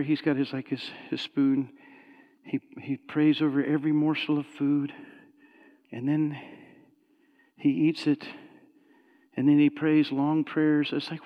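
A man preaches from personal testimony, his voice sitting high for a man. He tells the story with animated swings and climbs into shouted praise at its peaks. The recording sounds dull and lo-fi. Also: big-room sound. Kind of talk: sermon testimony.

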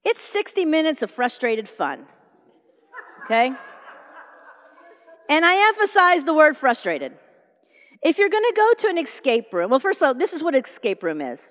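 A woman's voice: sits high, moderate pace, pauses often, in a large hall. A middle-aged woman preaching a sermon, telling stories and acting out the dialogue. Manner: animated storytelling, acting out dialogue.

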